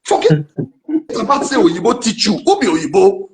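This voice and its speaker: An impassioned man with a Nigerian accent argues hard in a live audio debate. His voice sits high and jumps around, and he slips pidgin into his English. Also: big pitch swings, unhurried, darkish tone, slight background noise. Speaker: debate participant.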